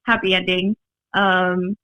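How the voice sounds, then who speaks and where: A young woman with a Minnesota accent, a podcast guest telling stories in a rambling, animated way, full of fillers and laughs. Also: fairly low pitch, takes it slowly, no room sound. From Minnesota, USA. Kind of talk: casual storytelling chat. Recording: dry, slightly dull podcast audio.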